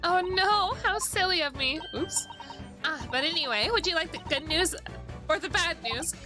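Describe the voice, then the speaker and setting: A woman's voice: extremely high pitch, expressive, moderate pace, voice pushed up. A woman voicing a cheerful, bubbly young girl, reading game lines in a lilting, upbeat way over background music.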